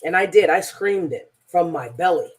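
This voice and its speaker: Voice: mid-range voice, expressive, moderate pace, slightly rough. A transformational coach telling a personal story in a rambling, emphatic monologue, often repeating words.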